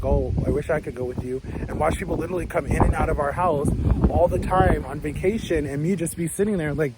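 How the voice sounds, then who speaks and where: 30s guy vlogging outside, kinda high voice, rambly and chatty, loud street noise behind. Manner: rambling, chatty, lots of "like" and restarts. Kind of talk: casual storytelling to camera.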